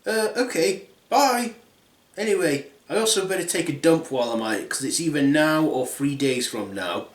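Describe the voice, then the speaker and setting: A man voicing a blunt, cheeky young girl in a comic fairy tale, deadpan. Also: on the high side, normal speed, close to an everyday voice. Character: blunt cheeky girl, Red Riding Hood. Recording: roomy echo.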